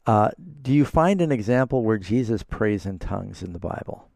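A man's voice: fairly low pitch, animated, moderate pace, creaky, darkish tone, no echo, clean studio sound. A man hosting a call-in radio Bible program as pastor, explaining scripture in an earnest, conversational way.

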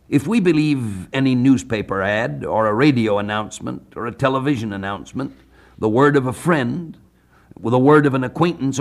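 A man from the United States preaching a sermon on a Bible passage, measured, slowing down to read scripture aloud. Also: medium pitch. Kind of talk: radio sermon, Bible exposition.

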